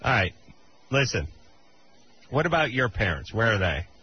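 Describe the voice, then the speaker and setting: A man's voice: fairly low pitch, very animated, moderate pace, a little hiss or hum. Blunt wisecracking male radio host. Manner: blunt, wisecracking, crude humor. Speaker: radio call-in advice host. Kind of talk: late-night radio call-in banter. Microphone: studio broadcast mic. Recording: dull broadcast radio sound.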